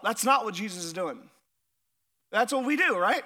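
A middle-aged man preaching a sermon as a pastor, energetic, often repeating words and asking the congregation questions. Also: very high voice, normal speed.

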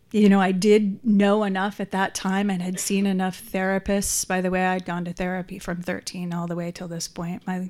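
Middle-aged woman, recovery meeting share, hesitant and candid, level monotone delivery. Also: medium pitch. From San Francisco Bay Area. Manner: hesitant, frequent ums, candid and reflective. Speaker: support group speaker. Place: meeting room.

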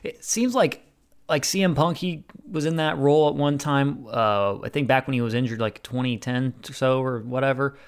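A man's voice: mid-range voice, moderate pace, clean tone. A man hosting his own wrestling review show, recapping matches in a rambling, casual way with many fillers and restarts.

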